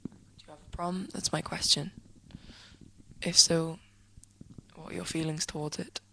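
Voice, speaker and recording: A teenage girl from England chats to the camera from her desk at home, rambling and giggling, often slipping into soft whispery asides. Her voice sits a little low and has a gravelly, creaky edge. A faint hiss runs under the recording. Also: level tone, unhurried, poor audio. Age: teens. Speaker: vlogger answering a friend's questions. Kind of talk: casual chatty vlog. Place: indoors, at home, sitting on a desk.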